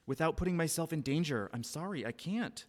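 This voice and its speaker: A man's voice: on the high side, animated, fairly quick, voice pushed up. A man voicing a nervous male psychic who apologetically refuses to help, strained and pleading, in a reverberant room. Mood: apologetic.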